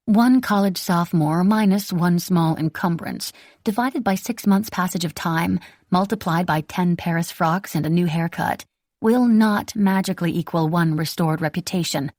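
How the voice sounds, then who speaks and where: A woman reading a novel aloud in the first person, with wry, measured storytelling. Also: lowish voice, a little mellow, no echo, clean studio sound. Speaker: audiobook narrator.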